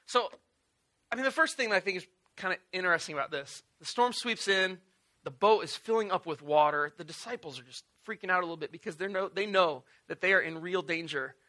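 Male pastor, relaxed sermon storyteller, high and very bright voice. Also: a little fast. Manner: casual, animated storytelling with playful asides.

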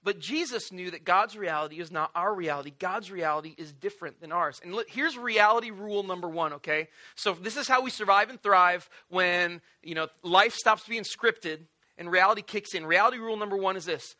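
Very high, bright-voiced joking preacher man. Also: brisk. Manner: animated, joking storytelling with acted-out voices. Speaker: pastor. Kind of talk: sermon.

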